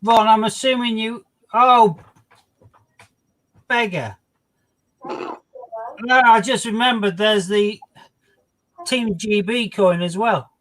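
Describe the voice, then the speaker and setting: A man's voice: high-pitched, slow pace, pauses often, a bit bright. A man playing a quiz with friends, explaining his reasoning with false starts. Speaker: quiz player. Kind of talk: casual chat during a quiz game.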